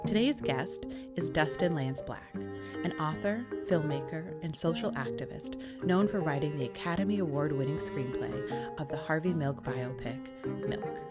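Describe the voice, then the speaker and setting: A woman reading a scripted podcast introduction in an upbeat, announcer-like manner. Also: sits low. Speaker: podcast host. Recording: music bed underneath.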